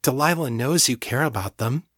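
A man reading a gentle, supportive young woman, speaking softly. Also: mid-range voice, normal speed, husky, no echo, studio quality, voice pushed up. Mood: tender. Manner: soft, gentle.

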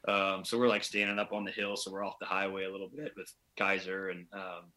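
A man's voice: low-pitched, completely flat delivery, brisk, sharp tone. A man telling a long, rambling story in a casual podcast chat, acting out the voices of the people he quotes. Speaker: podcast guest, pro hockey player.

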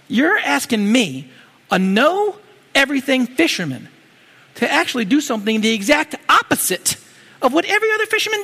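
A man's voice: extremely high pitch, sharp tone, husky, in a large hall, voice pushed up, full character voice. A preacher voicing an exasperated proud fisherman. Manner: exasperated, explaining himself. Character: irritated proud adult male fisherman.

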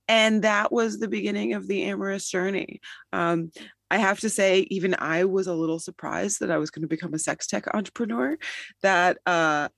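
Interview guest, app founder, articulate long answers with fillers, mid pitch, dry close mic. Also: steady tone, moderate pace, gravelly, fairly bright tone, no room sound. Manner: articulate, explains at length with fillers.

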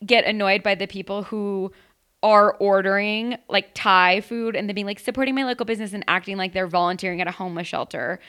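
Young woman, casual chatty co-host, mid-range voice, quick asides with easy laughter. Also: medium pitch, fairly bright tone, clean tone. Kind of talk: casual chat.

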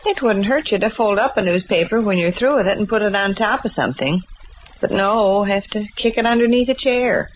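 An actress playing a blunt, nagging middle-aged wife with a flat, complaining, plain-spoken manner, in 1930s radio acting. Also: female voice, medium pitch, brisk, lightly acted. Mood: scolding. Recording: dull old radio broadcast with faint hiss.

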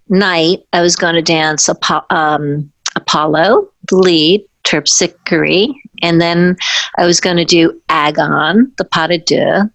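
A woman with a lower voice recounts a story from her dancing career, stopping and restarting sentences as she goes. She slips into other people's voices when she quotes them. The sound is dry and close. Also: fairly bright tone, no room sound. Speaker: former ballet dancer recounting her career. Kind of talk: personal anecdote.

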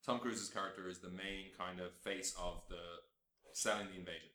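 A man hosting a casual film review chat, swearing freely and acting out scenes in lively bursts. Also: low-pitched, moderate pace, reverberant, slight background noise. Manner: animated, profane, acts out scenes in bursts. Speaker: film podcast host.

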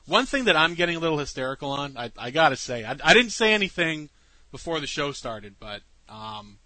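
Man, teasing, stammers a lot, bright tone, dry close mic. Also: on the high side, big pitch swings, fairly quick, no echo. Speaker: podcast co-host. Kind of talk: casual live-show banter.

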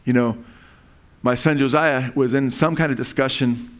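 A middle-aged man preaching a sermon, talking to listeners in an earnest, conversational way and rising in pitch when he quotes scripture. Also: fairly even intonation, normal speed.

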